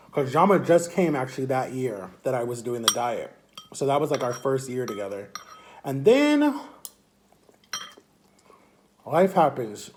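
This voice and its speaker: A young vlogger with a slightly high voice tells a long personal story straight to camera. With lively, casual energy he rambles, repeats phrases and acts out what other people said in an animated retelling.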